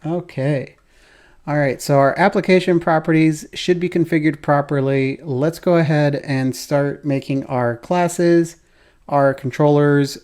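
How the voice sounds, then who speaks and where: A man's voice: mid-range voice, a little mellow. A man hosting a code-along programming tutorial, thinking aloud as he types, with keyboard typing behind him.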